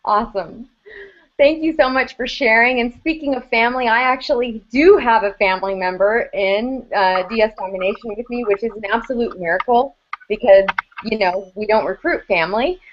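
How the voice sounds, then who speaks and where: Upbeat woman hosting a video call, kinda high voice, muffled lo-fi audio. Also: normal speed. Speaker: host.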